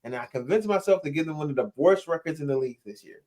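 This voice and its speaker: A man's voice: on the high side, quick pace. A man co-hosting a sports podcast, arguing football picks in a loose, swearing, laughing way. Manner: animated, swearing, laughs a lot. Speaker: podcast co-host. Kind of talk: casual sports debate.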